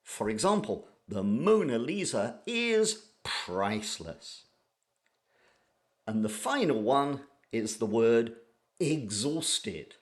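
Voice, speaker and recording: Slow, lively-voiced male English teacher. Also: mid-range voice. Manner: slow, deliberate, repeats key words. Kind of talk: IELTS vocabulary lesson.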